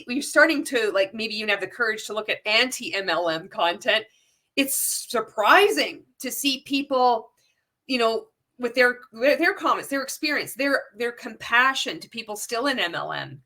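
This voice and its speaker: This woman, an anti-MLM video creator, speaks briskly and expressively at a somewhat high pitch, her tone pushed and bright. Addressing viewers directly in casual commentary, she piles on rhetorical questions and restarts sentences often.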